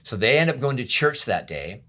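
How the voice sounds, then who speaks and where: A middle-aged pastor telling his own story in an interview, candid and often quiet, acting out the voices of people around him. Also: mid-range voice, sing-song, normal speed. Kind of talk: personal testimony interview.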